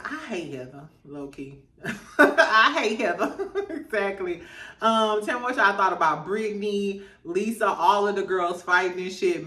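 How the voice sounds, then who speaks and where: A woman's voice: on the low side, pushed and bright, reverberant, recorded from a distance. A woman hosting a casual reality TV recap, laughing a lot and acting out the cast members' lines in voices.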